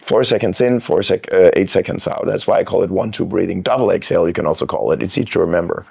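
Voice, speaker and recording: A man coaching breath technique on a podcast, calm and demonstrative, drawing words out as he explains. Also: sits low, fast talker, creaky, breathy edge. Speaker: freediving coach, guest. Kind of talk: instructional podcast talk.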